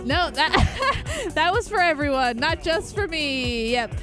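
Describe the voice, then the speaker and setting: Uma mulher coapresentadora numa conversa descontraída e brincalhona antes de uma transmissão. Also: female voice, high voice, expressive, slow, music in the background. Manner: playful, jokey, giggly. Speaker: co-host. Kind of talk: casual pre-show chat.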